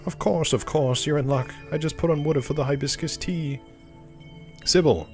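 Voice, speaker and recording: A man voicing a gracious, enigmatic middle-aged woman in a slow, motherly old-lady voice while reading game dialogue aloud. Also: fairly high pitch, soft background music, voice pushed up, close to an everyday voice. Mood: genteel.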